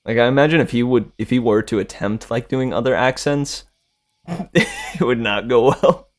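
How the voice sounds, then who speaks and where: A male streamer and voice actor chatting casually with viewers, relaxed and slangy, laughing often. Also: mid-range voice, normal speed.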